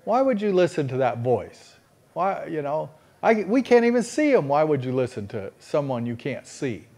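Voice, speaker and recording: A man's voice: fairly high pitch, very animated, moderate pace, a little mellow. A man voicing skeptical friends who mock and question in disbelief. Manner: mocking, incredulous. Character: scoffing friends mocking an old man.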